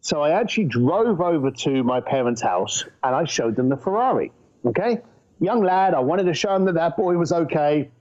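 A man's voice: a little high, moderate pace. Muffled middle-aged man telling stories. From England. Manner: animated anecdotal storyteller. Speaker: guest entrepreneur. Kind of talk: casual storytelling interview. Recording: muffled lo-fi audio.

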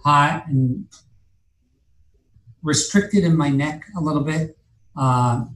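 A man's voice: a little high, takes it slowly, a bit bright, reverberant, slight background noise, poor audio. A man telling a long personal story as an interview guest, rambling and cursing, with many fillers and restarts. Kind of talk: casual storytelling.

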